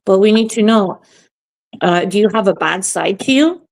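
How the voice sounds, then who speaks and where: This is a woman co-hosting a casual panel chat. She jokes and wanders a little as she talks. Her voice sits at an ordinary pitch. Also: lively intonation, moderate pace.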